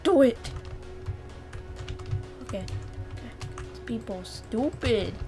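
A young woman talks through her game at a computer desk mic, her voice a bit high and her words slow and drawn out. She swings from casual chatter to excited shrieks of repeated words when things go wrong, with faint music behind her. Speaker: gaming channel host. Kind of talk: casual gameplay commentary.

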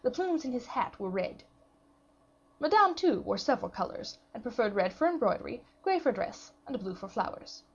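A woman reads a classic novel aloud in a measured, even storytelling voice. Her tone is husky and breathy. The recording sounds muffled and lo-fi. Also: a little high. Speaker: audiobook reader. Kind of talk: scripted narration of a classic novel.

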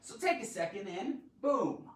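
Theatrical man teaching grammar, very animated. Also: high-pitched, unhurried. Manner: theatrical and playful, with sudden loud exclamations. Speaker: grammar teacher hosting a live stream. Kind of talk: lively live-streamed grammar lesson. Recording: roomy echo, mic at a distance.

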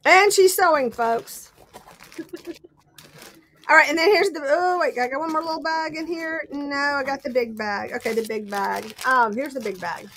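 A high-voiced, middle-aged woman chatting casually on a crafting livestream. She rambles cheerfully, laughs often, and jumps from one find to the next as she shows her collection. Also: normal speed, a bit bright, slight background noise. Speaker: host.

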